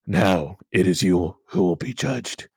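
A man voicing a menacing puppet-master killer, speaking in slow, measured threats as a podcast comedy bit. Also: low-pitched, animated, a little mellow, breathy edge, dry recording, exaggerated voice.

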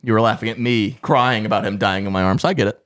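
A man's voice: lowish voice, fast, fairly bright tone, no echo. A man co-hosting a podcast, telling a long comic story in casual, profane chat. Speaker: podcast co-host.

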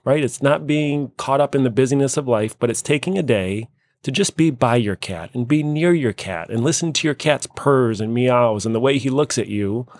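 A man's voice: mid-range voice, normal speed, a little mellow, dry recording. A man hosting a casual talk show, playfully quizzing and teasing his co-hosts. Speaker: host. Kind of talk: casual chat.

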